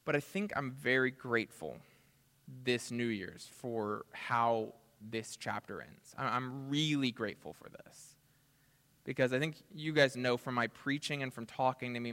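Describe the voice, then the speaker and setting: A man preaching a sermon as pastor, earnest, building to emphatic peaks and dropping to soft asides. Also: mid-range voice, big-room sound. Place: church sanctuary.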